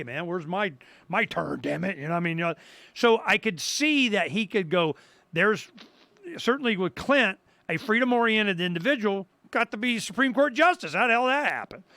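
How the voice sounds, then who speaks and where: A man's voice: high-pitched, big pitch swings, moderate pace, pushed and bright, dry recording. An older man hosting a talk radio show, rambling through a story with restarts and acting out the voices of people he quotes. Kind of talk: casual talk-radio monologue.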